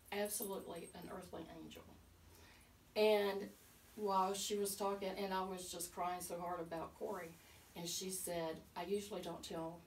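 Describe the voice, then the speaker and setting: A woman's voice: on the low side, darkish tone, slight background noise. A middle-aged woman, a guest telling her personal story in a casual chat, earnest and emotional, with many fillers. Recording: roomy, from a distance, faint ambience.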